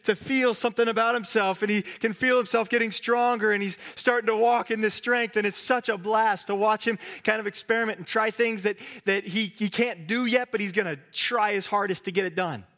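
A man preaching a sermon as pastor, earnest, at times dropping to a soft hush. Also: sits high, steady tone, fairly quick, hardly any pauses.

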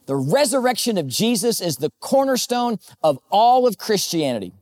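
Male pastor, a little high-pitched, chatty sermon delivery, jokes and a personal story. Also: very animated, moderate pace, a little mellow.

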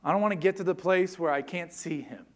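A middle-aged male pastor preaching an earnest sermon, swinging between loud emphasis and hushed, low passages. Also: fairly quick.

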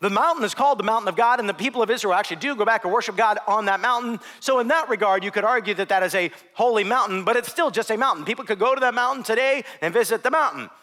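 A man with a high, bright voice preaching a sermon in a church. He talks conversationally, with playful asides to the congregation. His tone stays lively and forward. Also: very fast, hardly any pauses, in a large hall. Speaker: pastor.

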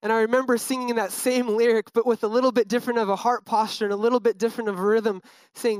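A man's voice: extremely high pitch, little pitch movement, fast talker, clear, resonant tone, dry recording. A young man giving an earnest, casual personal testimony, full of fillers. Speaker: speaker sharing a testimony.

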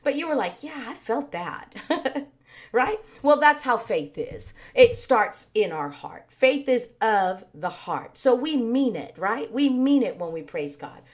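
A woman leading an online worship service, preaching in an earnest, conversational way with a slightly raspy voice. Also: a little high, big pitch swings, measured pace. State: a little raspy. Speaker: worship leader. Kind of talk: sermon with worship singing.

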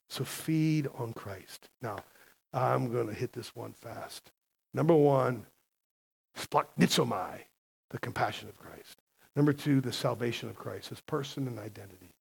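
A man's voice: mid-range voice, gravelly, a little mellow, slightly rough. A man preaching a sermon as a pastor, emphatic and conversational, often asking the congregation questions.

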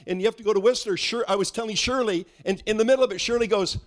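A man's voice: sits high, fast talker, hardly any pauses. A middle-aged man preaching a sermon, telling a story and acting out the dialogue, with frequent restarts. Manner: animated, acts out dialogue, restarts often.

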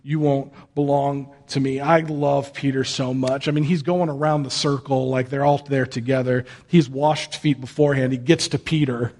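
A man's voice: medium pitch, fairly even intonation, moderate pace, few pauses, a little mellow. A male pastor giving a conversational sermon, telling the story in a casual, joking way.

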